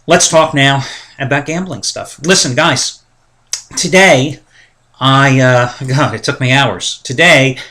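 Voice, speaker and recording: A man's voice: mid-range voice, sharp tone. A man hosting a sports betting site's daily talk, ranting casually and with strong opinions. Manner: chatty, opinionated ranting with asides. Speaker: sports betting site host. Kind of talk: casual monologue.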